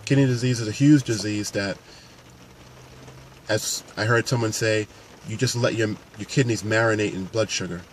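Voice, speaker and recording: Earnest male coach, lower voice, unscripted to-camera talk over faint traffic. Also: fairly even intonation, normal speed. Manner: earnest, unscripted, many restarts. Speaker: paramedic and fitness coach.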